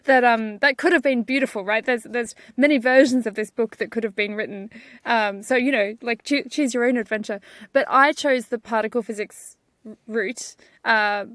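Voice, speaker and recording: A higher-pitched woman talks as a guest physicist, recounting history with lively animation and quick bursts of laughter. Her voice sits dry and close, with no room sound around it. She speaks in a relaxed, conversational way. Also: dry recording. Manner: animated storytelling with frequent light laughs. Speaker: guest, particle physicist and author. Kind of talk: conversational interview.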